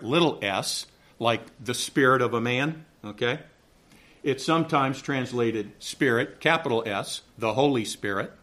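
A man's voice: medium pitch, a bit bright. Southern man, Sunday school teacher, mid-range voice, friendly classroom explainer. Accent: Southern American. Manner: chatty, reassuring, checks in with "okay?". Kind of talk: Bible class lecture. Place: church classroom.

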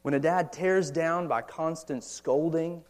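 A man's voice on the high side, darkish and measured in pace, belongs to a pastor in his thirties from the United States. He preaches in a church or meeting hall, keeping things conversational with lots of rhetorical questions and relaxed asides.

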